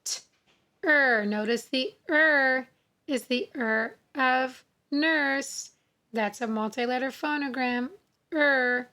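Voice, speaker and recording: A woman teaching English spelling, sounding out words slowly and repeating each rule. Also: high voice, sharp tone. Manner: slow, deliberate, sounding out words and repeating rules. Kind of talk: phonics lesson.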